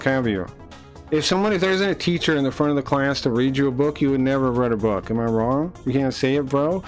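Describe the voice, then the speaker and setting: A man's voice: mid-range voice, a little fast, faint music behind. Profane, mocking male streamer. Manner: heated, repeating himself. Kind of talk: livestream chat rant.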